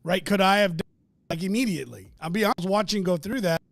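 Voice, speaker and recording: A man co-hosting a podcast, talking in an earnest, reflective and halting way. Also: sits high, creaky, dry recording. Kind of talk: casual podcast chat.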